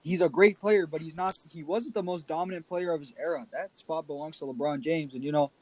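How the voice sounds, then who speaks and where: A young man co-hosting a casual sports podcast, laying out firm opinions in a measured way. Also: on the high side, slight background noise. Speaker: podcast co-host.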